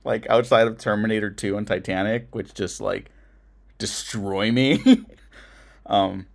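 A man's voice: lowish voice, fairly even intonation, a little slow, vocal fry. A man co-hosting a casual film review podcast, earnest and profane, laughing often as he recounts his own reactions.

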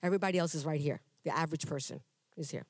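A woman shares her personal testimony before a congregation in a church. She talks in a conversational, animated way, acting out dialogues with humor and restarting her sentences as she goes. Her voice sounds dry and close, with little room sound. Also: sits low, rapid-fire, no echo. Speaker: church member giving testimony.

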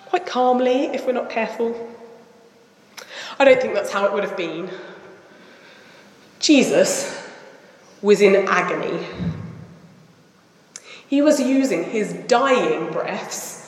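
A woman giving a sermon in a church, speaking in a slow, reflective and earnest way. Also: a little high. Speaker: preacher. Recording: echoey church hall.

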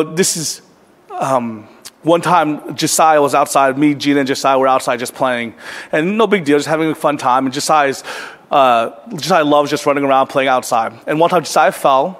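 A man preaching a sermon as a pastor, telling a story in a conversational, earnest way that sometimes sinks to a hush. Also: a little high. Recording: long hall reverb.

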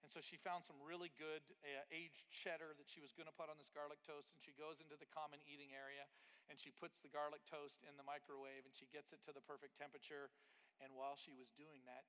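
A man preaching a sermon and telling a story in an animated way, at times acting out his sister's words. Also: a little high, quick pace, clear, resonant tone. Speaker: pastor. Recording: long hall reverb.

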